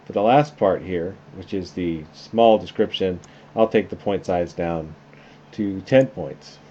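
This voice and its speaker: A man teaching a class through a software tutorial, talking casually and thinking aloud as he works. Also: sits low, measured pace. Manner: relaxed, conversational, thinking aloud while clicking. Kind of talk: screen-recorded software tutorial. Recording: slightly dull lo-fi sound with faint noise.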